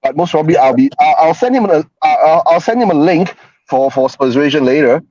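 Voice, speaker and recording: A man's voice: on the high side, animated, fast, mellow, dry recording. Chatty man hosting a fan stream, muffled. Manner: rambling, peppers speech with "right?". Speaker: fan show host. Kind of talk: casual live-stream chat. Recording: dull lo-fi stream audio.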